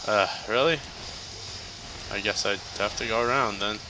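A man's voice: on the low side, normal speed, background noise. A man giving casual, joking let's-play commentary as he plays, chatty and laughing often. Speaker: gameplay commentator.

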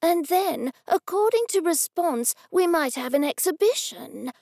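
A woman voicing an older male gallery owner who gushes with slow, drawn-out enthusiasm, in an audiobook. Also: a little high, animated, vocal fry, husky, no echo, studio quality, heavily acted. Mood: gushing.

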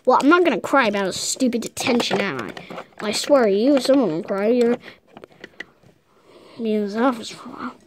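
A woman's voice: fairly high pitch, lively intonation, brisk, pauses often, slight background noise. A girl hosting a casual video, narrating toy play in a chatty, giggly, rambling way. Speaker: video host.

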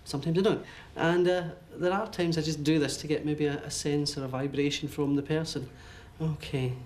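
A man working as a medium, giving a reading to a sitter in halting, repeated phrases and checking in with "okay?". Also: a little high, fairly even intonation, a little mellow, slight background noise. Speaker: psychic medium.

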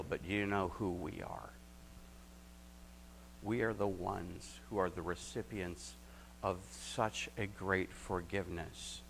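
Low-voiced pastor preaching earnestly. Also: male voice, vocal fry, a little hiss or hum, poor audio. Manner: earnest preaching with rising emphasis and quiet reflective stretches. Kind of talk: sermon.

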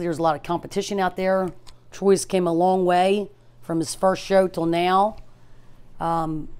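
A middle-aged woman, a performer's mother, speaking hesitantly in a documentary interview, with frequent pauses and retold dialogue. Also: lowish voice.

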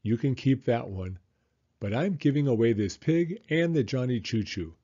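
An exasperated, no-nonsense mother speaks firmly, as a man reading a storybook puts her on. The voice is mellow and slightly husky, with a dull, lo-fi sound. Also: mid-range voice, animated, moderate pace. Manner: firm, scolding.

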